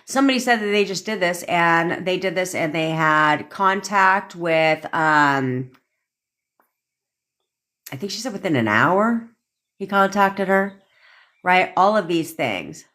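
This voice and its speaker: A young woman with a low, deep-set voice rants to her livestream viewers, talking bluntly and swearing freely. She laughs often between points and speaks into her phone. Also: lively intonation, takes it slowly, long pauses, a bit bright. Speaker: manifestation coach. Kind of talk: livestream rant.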